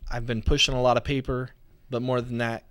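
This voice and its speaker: A male co-host tells stories in a relaxed, easygoing way on a casual talk show. His voice sits at a middle pitch and sounds dry and close, with no room echo. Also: a little fast. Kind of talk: casual studio chat.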